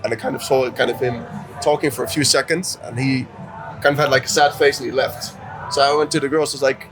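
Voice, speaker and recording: A man's voice: mid-range voice, quick pace, over music. A man co-hosting a casual chat, telling a story with many fillers and acting out what people said. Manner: animated storyteller, acts out quotes, many fillers. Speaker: dating coach, co-host.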